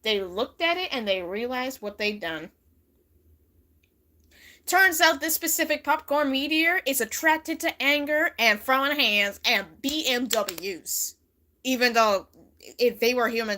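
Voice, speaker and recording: A woman's voice: a little high, unhurried, pushed and bright. A young woman telling a rambling, giggly made-up story on a livestream. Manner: giggly, rambling, breaks into voices and song.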